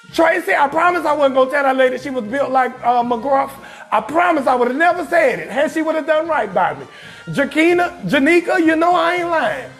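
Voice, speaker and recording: A man comedian hosting his show, telling a profane comic story in a loud, emphatic way and often shouting his punchlines. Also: extremely high pitch. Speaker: comedian host.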